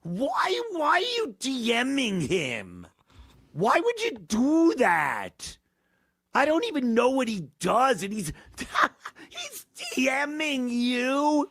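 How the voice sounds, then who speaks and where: A man heard in a clip played on the show, airing a grievance in a deliberate, aggrieved way. He speaks slowly and hesitates often. The sound is dry and close. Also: extremely high pitch, wildly swooping pitch, a bit bright, no echo. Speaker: radio personality in a played clip. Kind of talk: complaining monologue.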